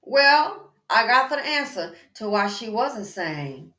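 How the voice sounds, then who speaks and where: Animated woman giving blunt advice. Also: on the high side, slow pace. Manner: animated and emphatic, addresses viewer as "girl" and "baby". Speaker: commentary channel host. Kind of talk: casual commentary. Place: indoors, exercising while recording. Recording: echoey room.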